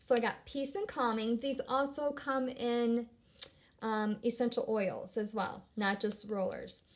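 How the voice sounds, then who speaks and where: A woman's voice: on the high side, fairly even intonation, measured pace. A woman chatting casually at home while she unboxes products, bubbly and rambling, often trailing off and restarting her sentences. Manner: bubbly and upbeat. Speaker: vlogger.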